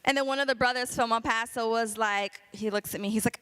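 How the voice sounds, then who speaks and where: A woman's voice: fairly high pitch, steady tone, brisk, few pauses, a bit bright, clear, resonant tone. A woman spoken word poet telling a story to students and performing a poem, rhythmic and emphatic, slipping between English and Spanish. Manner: casual, joking banter with the audience. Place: school auditorium before students.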